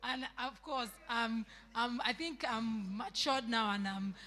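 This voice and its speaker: A woman's voice: a little high, takes it slowly, pushed and bright. A young woman with a Nigerian English accent, chatty and rambling as she asks a question at a church youth meeting in a large church hall. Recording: long hall reverb.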